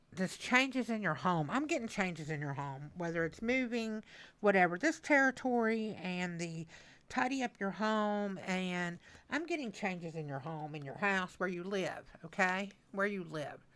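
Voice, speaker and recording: A woman in her sixties giving a casual, emotional tarot reading, repeating key phrases and often stepping away from the mic. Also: on the low side. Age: 60s. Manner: animated, repetitive, emotional. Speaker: tarot reader. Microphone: mic that she moves away from at times.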